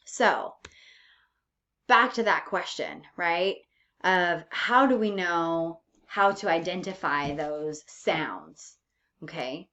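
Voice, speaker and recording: A woman teaches pronunciation at an unhurried, deliberate pace, stretching out her words. She checks in patiently with "okay?" and "right?" as she goes. The recording sounds a little dull and lo-fi. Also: on the low side, fairly bright tone. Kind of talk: English pronunciation lesson.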